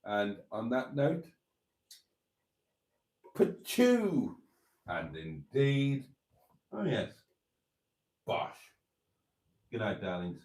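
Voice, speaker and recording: A man with a lowish voice chats through his nightly livestream at an unhurried, drawn-out pace. He speaks gently and affectionately, often letting his sentences fade off quietly. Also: animated. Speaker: channel host. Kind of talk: casual nightly livestream chat.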